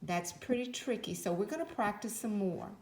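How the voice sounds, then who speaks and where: A woman teaching a phonics lesson to young children, speaking slowly and clearly in an encouraging way. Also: medium pitch, expressive, a little mellow. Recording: roomy echo.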